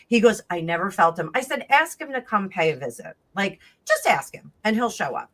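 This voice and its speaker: A woman telling a long personal story in casual chat, rambling and animated, acting out the voices of the people in it. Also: medium pitch, brisk, few pauses. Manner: rambling, animated, acts out quoted dialogue. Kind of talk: casual storytelling on a live stream.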